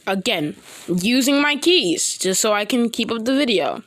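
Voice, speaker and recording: A woman improvising a fan story, halting and rambling with many restarts. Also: a little high, lively intonation, fairly bright tone, no echo.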